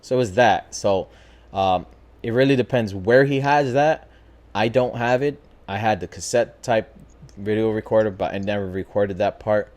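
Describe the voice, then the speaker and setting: A man casually telling a spooky personal story as a podcast host, talking in a lively, profane way. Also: fairly low pitch, moderate pace. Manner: animated, profane, acts out voices in his story.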